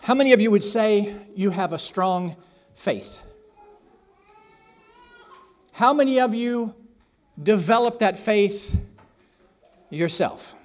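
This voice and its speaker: A man's voice: high-pitched, animated, measured pace, long pauses. A man preaching a sermon in a church, telling a story with acted-out voices and asking the congregation questions. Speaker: pastor. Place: church sanctuary.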